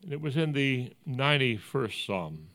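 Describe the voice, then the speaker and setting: An older man, a pastor, giving a sermon, telling stories in an earnest, folksy way that drops to hushed, quiet passages. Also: mid-range voice, sing-song, moderate pace. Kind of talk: sermon storytelling.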